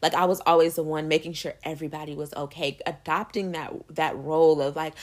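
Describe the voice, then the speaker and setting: A woman's voice: deep voice, normal speed, few pauses. A young woman talking candidly and emphatically in a casual motivational monologue, swearing freely and calling listeners "baby.".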